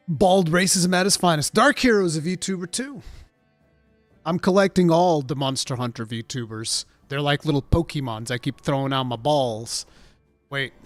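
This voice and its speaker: A man streaming from home, chatting casually with a rambling, profane, mock-indignant manner that swings from mumbles to loud outbursts. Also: medium pitch, no echo. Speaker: streamer reacting to a game showcase. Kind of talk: casual livestream chat.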